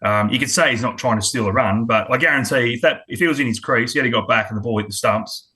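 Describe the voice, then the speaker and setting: A middle-aged Australian man, a former cricketer and coach appearing as a guest, talks fast in a medium-pitched voice that sounds pushed, bright, and slightly rough. In this casual interview he's blunt and candid, often restarting his sentences.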